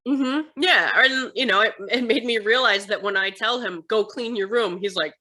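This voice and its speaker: Bright, animated American woman. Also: a little high, moderate pace. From United States. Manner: animated storytelling, acts out her sons' voices. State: tired. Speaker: interview guest. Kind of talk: casual interview chat.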